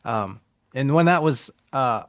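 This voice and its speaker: A man's voice: mid-range voice, lively intonation, unhurried, no room sound, studio quality. A man co-hosting a podcast in casual chat. He is easygoing and agreeable, filling his talk with "um" and "like.". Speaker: podcast co-host.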